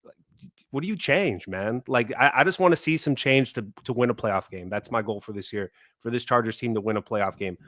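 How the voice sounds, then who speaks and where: A man's voice: mid-range voice, a little fast, a bit bright, no room sound, clean studio sound. A man co-hosting a sports fan podcast, venting his frustration heatedly in casual chat. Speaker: podcast co-host.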